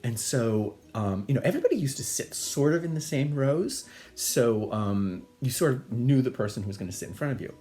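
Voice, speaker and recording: A man's voice: medium pitch, expressive, fairly quick, dark tone. A man telling a personal childhood story in a casual, chatty, digressive way. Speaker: storyteller, host.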